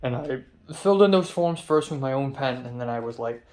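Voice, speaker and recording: A young man talks to the camera about his day in a loose diary-style vlog. He rambles in an off-hand way, full of ums and stray asides. His voice sits at an ordinary middle pitch. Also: lively intonation, fairly quick, darkish tone. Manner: rambling, filler-heavy, off-hand. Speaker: vlogger. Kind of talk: casual diary-style chat.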